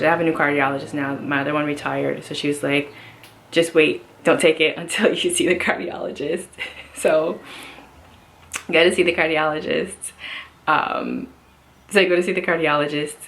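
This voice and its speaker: Low-voiced woman rambling through a story. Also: a bit bright. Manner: rambling, many fillers and restarts. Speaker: vlogger. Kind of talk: casual personal health update.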